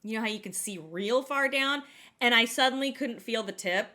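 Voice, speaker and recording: A young woman telling a story in casual chat, animated and self-mocking, acting out what people said. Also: a little high, normal speed. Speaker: co-host.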